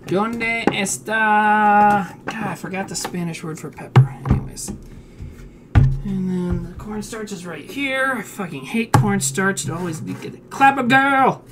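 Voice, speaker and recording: A woman's voice: medium pitch, moderate pace, loud music behind the voice. A woman from South Dakota cooking live on a stream, reading recipe steps aloud, swearing freely and answering chat in a home kitchen.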